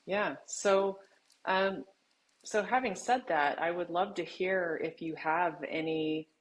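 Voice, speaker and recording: A woman's voice: fairly low pitch, slow, slight background noise, rough recording. A woman hosting a podcast interview who asks her questions in a polite, conversational way. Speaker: podcast host.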